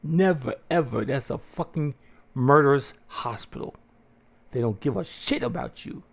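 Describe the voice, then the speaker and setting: A man hosting a podcast, telling a story casually with plenty of swearing and animated delivery, jumping into a raised voice to act out what people said. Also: mid-range voice, moderate pace, gravelly. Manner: profane, animated, acts out quotes in a raised voice. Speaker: podcast host.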